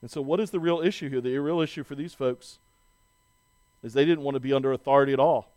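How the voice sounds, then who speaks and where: A pastor in his forties preaching a conversational sermon, animated, with plenty of casual asides. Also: mid-range voice, fast, no room sound.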